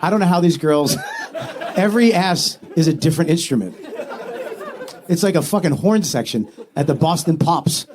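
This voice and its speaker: Higher-voiced man with laughing quips. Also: lively intonation, a crowd in the background, noisy background. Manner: quick laughing interjections. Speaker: podcast co-host. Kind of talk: casual podcast banter.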